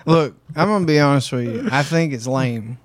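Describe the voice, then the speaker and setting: A man's voice: medium pitch, animated, normal speed, no room sound. A man co-hosting a podcast, talking bluntly and teasing in casual chat. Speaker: podcast co-host.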